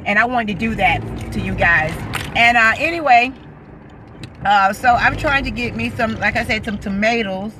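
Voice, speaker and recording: A woman's voice: fairly high pitch, moderate pace. A woman from New York City vlogging while driving, chatting playfully and upbeat and joking around in a casual way. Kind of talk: casual chat. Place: in a car, out driving. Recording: distant mic with loud road noise.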